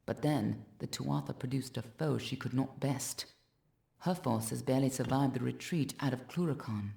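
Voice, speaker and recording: A woman with a southern English accent voicing a solemn, loyal quest-giver in a video game, speaking in a measured, formal way. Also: a bass voice, creaky, mellow, exaggerated voice. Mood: grave. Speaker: game character.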